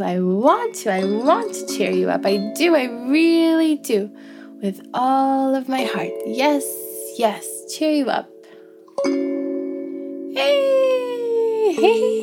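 A bubbly, stubborn young antelope girl, as a woman puts her on in a musical bedtime story. She coaxes and whoops in a fairly high voice, unhurried, with soft chiming music faint behind. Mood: coaxing. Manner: bubbly and coaxing, with whoops and giggles. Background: soft music with chimes.

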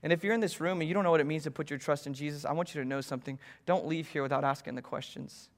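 A young man preaching a sermon, telling a personal story and swinging between loud urgency and hushed intimacy. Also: a little high, very fast. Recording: hall reverb.

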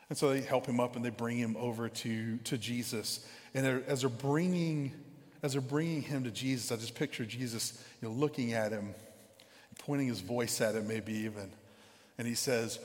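A man's voice: medium pitch, moderate pace. Man preaching in an echoey church. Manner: casual, repeats words while thinking aloud. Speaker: pastor. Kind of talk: conversational sermon. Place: church sanctuary. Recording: reverberant church hall.

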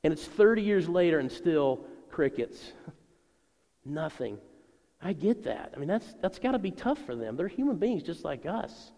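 A middle-aged male pastor preaching a sermon to his congregation in a conversational, animated way. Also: on the high side, a little slow. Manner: conversational and animated, voicing people in his stories. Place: church sanctuary. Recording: long reverb of a large church hall.

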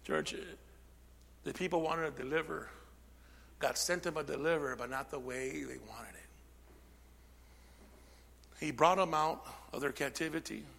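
A man preaching a sermon as pastor, calling out amen and drawing the congregation in, swinging from shouting to a near whisper. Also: a little high, normal speed, creaky, long pauses, big-room sound, slight background noise. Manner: peppers speech with amen and call-and-response. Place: church sanctuary.

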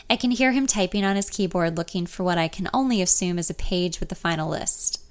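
A woman's voice: lowish voice, brisk, few pauses. A young woman narrating a first-person audiobook in a nervous, confessional inner voice.

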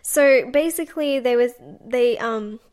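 Young woman podcaster, bright-ish higher voice, casual chatty storyteller full of "like"s. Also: measured pace. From Australia. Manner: chatty, animated, lots of "like" and acted-out quotes. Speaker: podcast host.

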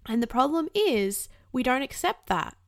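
Young woman chatting advice at the camera, kinda high voice, swears a lot, super dry close sound. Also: very animated, moderate pace, dry recording. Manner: candid, swears casually, acts out inner voices. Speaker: self-help vlogger. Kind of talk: casual advice talk to camera.

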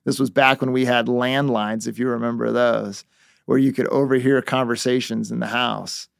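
A man coaching on negotiation through an animated story told as a lesson. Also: medium pitch, normal speed, creaky, clear, resonant tone, dry recording, studio quality.

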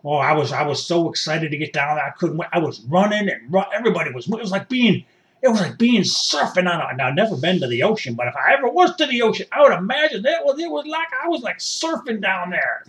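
A rambling, fired-up country rioter. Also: male voice, high voice, sing-song, quick pace, a bit bright, recorded from a distance. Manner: rambling, boastful, folksy. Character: excitable folksy rural male rioter, rambling. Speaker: interview guest. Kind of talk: satirical mock interview.

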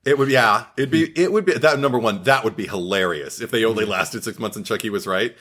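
Animated man chatting on a podcast. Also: fairly low pitch. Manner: animated, laughs often, quick to enthuse. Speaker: podcast co-host. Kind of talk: casual chat.

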